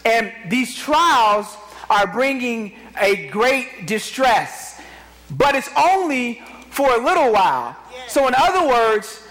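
A man in his thirties, a pastor, preaching an animated sermon with repetition and call-and-response to the congregation. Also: very high voice. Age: 30s. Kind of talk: energetic sermon.

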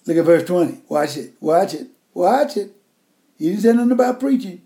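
A man near eighty, preaching a folksy, emphatic sermon that swings between loud and hushed. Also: high voice, animated, normal speed, creaky. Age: older.

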